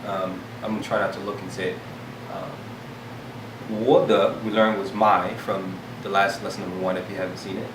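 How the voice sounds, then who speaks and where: Guy learning chinese, eager, chatty, kinda low voice, echoey room. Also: flat delivery, fairly quick. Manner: eager, thinks aloud, chatty asides. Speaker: language learner. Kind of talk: casual language lesson. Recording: roomy echo from far off, faint hiss.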